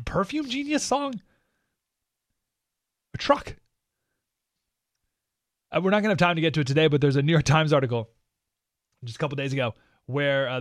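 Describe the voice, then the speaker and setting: A man's voice: medium pitch, no echo, studio quality. A man hosting a radio talk show, delivering an opinionated monologue in a sarcastic, mocking, emphatic manner. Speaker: radio host.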